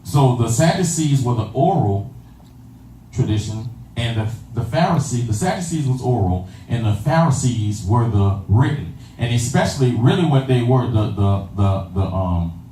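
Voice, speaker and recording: A man's voice: medium pitch, lively intonation, normal speed, warm tone, slight background noise. Preacher man calling to his congregation. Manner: call-and-response, repeats phrases, asks "you understand that?". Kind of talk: sermon. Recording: echoey room from far off with faint ambience.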